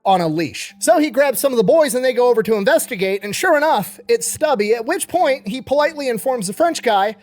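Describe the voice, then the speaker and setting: A man's voice: extremely high pitch, animated, brisk, few pauses, darkish tone. A man telling a history story in a casual, wry, profane way.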